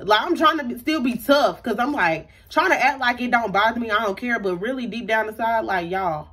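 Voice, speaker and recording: A young woman telling a storytime vlog in an animated, slangy way, often talking straight to her viewers. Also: a little high, brisk, breathy edge. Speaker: YouTuber.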